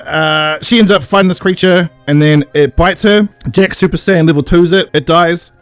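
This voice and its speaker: Brief: a male podcast host, slightly high, wry and quick to mimic characters. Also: no room sound, faint music behind. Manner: jokey recapping with quick put-on voices. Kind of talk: casual podcast discussion.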